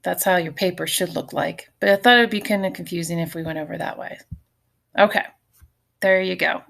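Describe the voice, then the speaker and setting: A woman's voice: on the low side, steady tone, a little fast, creaky, fairly bright tone. A middle-aged woman teacher giving a recorded phonics lesson, patiently sounding out syllables and letters for her students.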